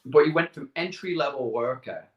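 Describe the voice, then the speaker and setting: A man's voice: medium pitch, normal speed, dull audio. Middle-aged guy rambling through stories, acts out the other voices, echoey room. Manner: animated anecdotes with quoted dialogue, repeats words. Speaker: guest. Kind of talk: casual storytelling interview.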